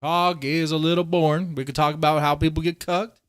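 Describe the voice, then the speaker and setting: A man's voice: on the high side, fairly even intonation, a little fast, fairly bright tone, clear, resonant tone, dry recording, studio quality, faint music behind. A man hosting a livestream, rambling in casual, profane commentary and talking straight to his chat. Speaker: livestream host.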